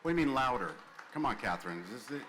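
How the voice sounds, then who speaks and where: A man's voice: medium pitch, big pitch swings, very fast, a bit bright, slight background noise. A man in his sixties from Cuba, the class historian, presenting honorees with wisecracks and chatty asides. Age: 60s. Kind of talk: joking ceremonial announcement.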